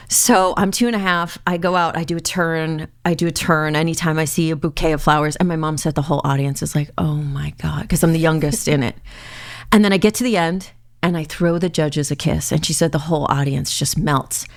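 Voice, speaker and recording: A woman's voice: sits low, a little fast. A woman from the Boston area, an improv and clown performer, telling stories on a podcast and acting out the quotes with frequent laughs. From Boston area, USA. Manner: animated storyteller, acts out quotes, laughs often. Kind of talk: casual storytelling interview.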